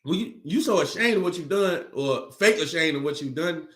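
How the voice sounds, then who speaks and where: A man co-teaching an informal sermon, blunt and exclamatory, with quick interjections. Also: a little high, lively intonation, a bit bright. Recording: roomy echo.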